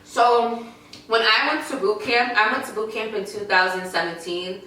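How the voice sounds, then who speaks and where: A woman's voice: a little high, fairly even intonation, moderate pace, bright, forceful tone, distant mic. A young woman hosting a casual chat over food, bubbly and chatty, full of "like". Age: young adult. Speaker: YouTube host. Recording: echoey room, off-mic, faint background noise.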